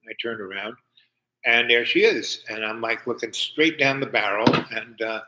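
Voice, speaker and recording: An older man from New York telling a long personal story in a halting way, full of fillers and restarts. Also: medium pitch, bright, forceful tone, rough recording. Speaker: storyteller host. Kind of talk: rambling personal anecdote.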